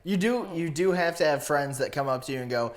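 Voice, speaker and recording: A man co-hosting a comedy podcast, agreeable and quick to chime in with yeahs. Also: on the high side, animated. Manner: agreeable, frequent backchannel yeahs. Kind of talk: casual podcast chat.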